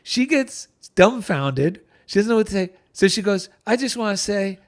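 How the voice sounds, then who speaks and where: A middle-aged man with an East Coast American accent tells a personal story in an animated, heartfelt way. His voice sits a little high for a man. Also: normal speed, hardly any pauses, noisy background. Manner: animated, gets choked up with emotion. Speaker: guest, author and veteran. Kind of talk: storytelling in conversation.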